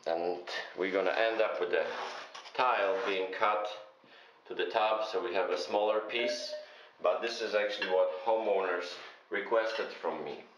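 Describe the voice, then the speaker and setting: A man's voice: sits low, unhurried, noisy background. Man, tile installer, methodical, hesitant, muffled echoey bathroom recording. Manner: methodical, hesitant with frequent fillers. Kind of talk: step-by-step how-to narration. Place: bathroom under renovation. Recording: very echoey room, dull sound.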